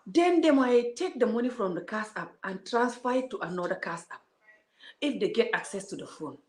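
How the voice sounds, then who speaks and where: A woman's voice: a little high, lively intonation, moderate pace. A woman vlogger ranting to her viewers in a heated, scolding way, talking straight at them. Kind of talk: casual vlog rant to viewers. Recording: roomy echo.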